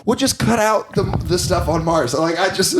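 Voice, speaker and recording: A man's voice: high-pitched, normal speed, a little hiss or hum. A man in casual podcast talk about a film, rambling with many fillers and restarts. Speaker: podcast guest.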